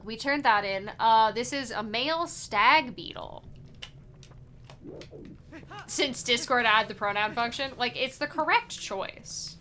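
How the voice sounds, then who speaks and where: Bright-voiced playful young woman streamer. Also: a little high, a little slow, a little hiss or hum. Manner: playful, rambling, lots of filler "like". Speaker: streamer playing a randomized adventure game. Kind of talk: casual gameplay commentary.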